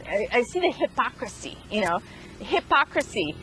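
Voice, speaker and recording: Woman, somewhat high voice, casual vlog talk, halting restarts, fillers. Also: sing-song, fairly bright tone, soft background music, rough recording. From Boston area. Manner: halting, many restarts and fillers, chuckles at herself. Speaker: chicken farm vlogger. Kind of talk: casual rambling monologue.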